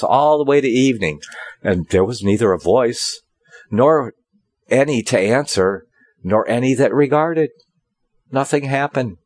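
A man's voice: mid-range voice, dry recording, clean studio sound. A man preaching a sermon in an emphatic, insistent manner, raising his voice to drive points home. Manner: emphatic, preachy, rising for stress.

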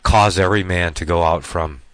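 Deep-voiced man reading scripture aloud. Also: steady tone, brisk, dry recording. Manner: reads verses aloud, breaks off to explain in plain talk. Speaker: Bible teacher.

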